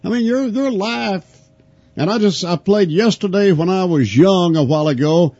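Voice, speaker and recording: A man's voice: sits high, moderate pace, mellow, no echo. A man hosting a radio interview by phone, folksy and joking with his guest. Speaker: radio host. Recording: dull archived phone interview.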